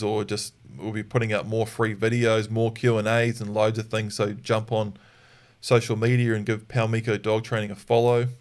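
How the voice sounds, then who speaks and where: A man, a dog trainer answering listener questions in a live podcast Q&A and acting out sharp commands to a dog. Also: lowish voice. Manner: demonstrates sharp corrective commands.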